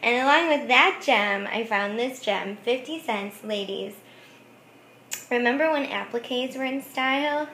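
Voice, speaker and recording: A woman's voice: a little high, measured pace, bright, forceful tone, slight background noise. A woman craft vlogger chatting casually about thrift finds, giggling often and saying "like" a lot. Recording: echoey room.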